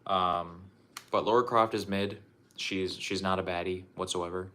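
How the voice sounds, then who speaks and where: A man's voice: low-pitched, fairly even intonation, measured pace, pushed and bright, a little hiss or hum. A young man chatting casually on a livestream as he shows off his collection, loose and profane, restarting his sentences often. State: out of breath. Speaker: streamer showing his game collection.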